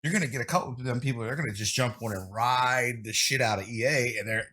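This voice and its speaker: A man hosting a podcast in casual chat, animated and swearing freely as he talks. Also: mid-range voice, fast talker, hardly any pauses. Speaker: podcast host.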